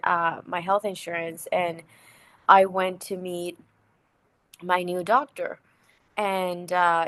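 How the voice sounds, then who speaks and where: A woman's voice: medium pitch, a bit bright, no echo. A woman guest in an interview, candidly telling a personal story and acting out the voices of people in it. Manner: candid, acts out quoted dialogue.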